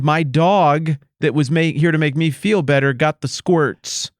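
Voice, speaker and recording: A man's voice: on the high side, unhurried, no room sound, clean studio sound. A man co-hosting a podcast, riffing through playful, exaggerated hypotheticals in casual chat. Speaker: podcast co-host.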